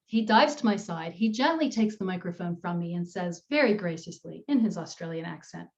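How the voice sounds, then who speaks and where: A woman's voice: lowish voice, lively intonation, brisk, hardly any pauses, darkish tone, lo-fi sound. A woman in her fifties from the United States, presenting a talk on public speaking as a coach, telling stories in an upbeat way. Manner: storytelling, upbeat with frequent laughs.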